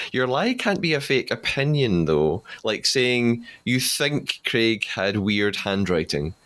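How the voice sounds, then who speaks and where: A man's voice: mid-range voice, big pitch swings, slow, a bit bright. A man hosting a podcast interview in a chatty way, laughing easily between questions. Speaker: podcast host.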